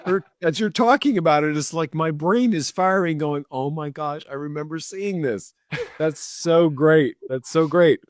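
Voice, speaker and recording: A man's voice: a little high, normal speed, no room sound. A man hosting a podcast interview, reacting with enthusiastic affirmation and steering the talk forward. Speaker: host.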